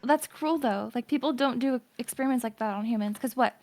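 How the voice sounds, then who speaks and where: High-voiced young woman, chatty and teasing. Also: brisk, a little mellow. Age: young adult. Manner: imaginative, rambling, teasing, laughs often. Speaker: streamer. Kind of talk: casual chat.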